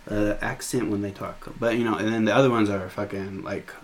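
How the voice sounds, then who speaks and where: Flat-voiced Nebraskan man. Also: fairly low pitch, fairly quick, a little hiss or hum. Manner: blunt, profane, joking. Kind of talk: casual chat.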